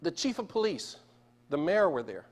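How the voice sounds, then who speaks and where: Man, high-pitched voice, church sermon, storyteller. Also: big pitch swings, moderate pace. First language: Spanish. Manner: storytelling, asks the congregation questions. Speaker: preacher. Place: church sanctuary.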